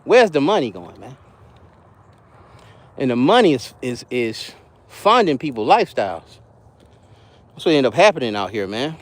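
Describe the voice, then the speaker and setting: A man's voice: mid-range voice, big pitch swings, normal speed, pauses often. A man giving casual live-stream commentary, emphatic and repetitive, often laughing. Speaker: online commentator on religious leaders.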